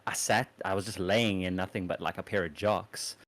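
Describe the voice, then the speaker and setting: A man's voice: low voice, fairly even intonation, moderate pace, a bit bright. A man with a South African accent, chatting casually as a guest over a voice call and telling easygoing stories. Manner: easygoing, tells anecdotes. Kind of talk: casual chat.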